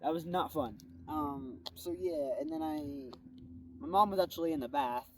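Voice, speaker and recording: A man's voice: fairly high pitch, moderate pace. A young man casually telling a story about his own day, rambling and laid-back, saying "bro" and "like" a lot. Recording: a bit distant from the mic, faint background noise.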